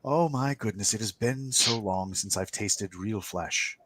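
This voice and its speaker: Guy doing a playful bee spirit lady, hushed and slow, kinda lilting, tabletop game voice. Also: fairly low pitch, dry recording. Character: playful mischievous female bee-swarm spirit.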